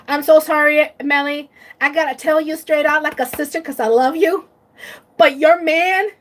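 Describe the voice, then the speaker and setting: A woman's voice: sits high, normal speed. A woman vlogger chatting casually on a live stream, emotional and tearful, gushing and laughing often.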